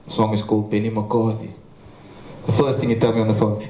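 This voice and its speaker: A man's voice: fairly low pitch, flat delivery, brisk, background noise. Earnest Cape Town man, echoey hall. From South Africa. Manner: earnest storytelling with stammers. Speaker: memorial speaker. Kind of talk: memorial tribute speech. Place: large memorial venue. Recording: echoey hall with faint ambience.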